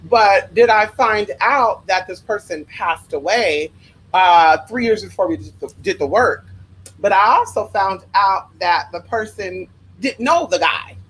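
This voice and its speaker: A spiritual worker telling rambling stories to viewers in a sassy, profane, animated way, often drifting into side tangents. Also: measured pace, breathy edge, low-quality recording. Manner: profane, sassy and animated, with big pitch swings. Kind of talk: casual storytelling to viewers.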